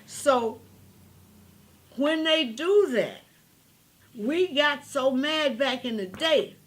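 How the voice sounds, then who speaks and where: Older woman, high voice, rambling, emphatic, preachy. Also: a bit bright. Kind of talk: impassioned political monologue.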